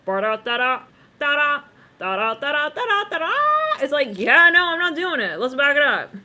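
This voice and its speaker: Chatty bright-voiced woman tarot reader. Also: sits high, big pitch swings, fairly quick. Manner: rambling, laughs often, breaks into snippets of song; chatty, addresses viewers directly. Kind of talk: casual psychic tarot reading.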